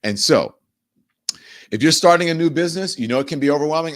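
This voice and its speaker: A man's voice: lively intonation, fast, long pauses. A middle-aged man hosting a talk show, chatting loosely and repeating words as he goes. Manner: chatty, repeats words, swings from sponsor pitch to heated rant. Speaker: show host. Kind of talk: casual talk show monologue.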